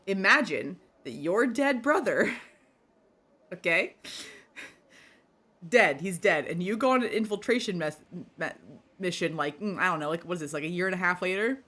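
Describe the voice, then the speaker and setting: A woman streamer giving casual play-through commentary, reading game text aloud and chatting in quick, animated asides. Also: fairly low pitch. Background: faint game music.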